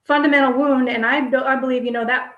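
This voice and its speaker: A woman co-hosting a casual spiritual discussion, talking enthusiastically in quick bursts with restarts. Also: sits high, steady tone, a bit bright, roomy sound, lo-fi sound. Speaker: co-host.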